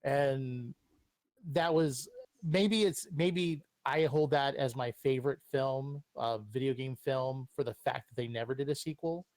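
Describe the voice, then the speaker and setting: Man, guest reviewer, mid-pitched, dry sound, earnest casual chat. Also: steady tone, normal speed, hardly any pauses, a little mellow, no echo.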